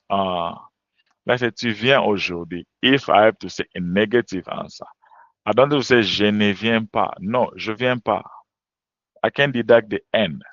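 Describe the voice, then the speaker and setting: A man whose first language is French talks through a webinar lesson, handing out plain advice in short, repeated instructions. His voice sits fairly low. The sound is dry and a little dull. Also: no echo. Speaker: French teacher. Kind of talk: webinar lecture.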